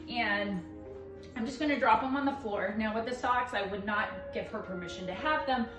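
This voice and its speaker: Woman dog trainer, higher voice, excited praise, firm cues, echoey room, off-mic, soft music behind. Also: distant mic. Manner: explains while playing, switches to excited praise and firm cues. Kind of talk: hands-on training demonstration.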